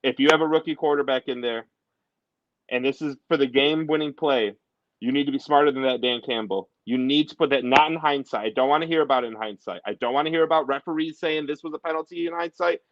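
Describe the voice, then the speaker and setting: A man hosting a casual sports talk show, animated and ranting in quick bursts. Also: mid-range voice, no echo. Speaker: podcast host. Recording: dull lo-fi audio.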